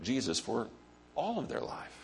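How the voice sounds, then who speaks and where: A man's voice: medium pitch, huge pitch swings, moderate pace, a little hiss or hum. A male pastor preaching a sermon in an emphatic way, repeating key phrases.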